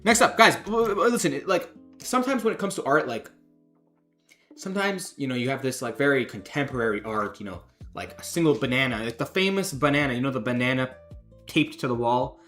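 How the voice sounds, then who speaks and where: Reviewing fan art on stream, this game developer keeps things chatty and jokey, laughing frequently and reading donation messages out loud. His voice is medium-pitched and a bit bright, with lively intonation and a brisk pace, and faint music sits in the background.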